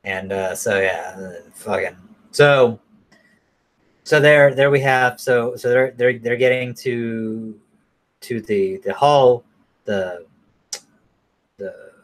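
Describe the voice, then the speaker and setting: A man's voice: medium pitch, slow pace, long pauses. A man casually recapping a movie in a rambling, profane way, full of fillers and restarts. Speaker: movie reviewer.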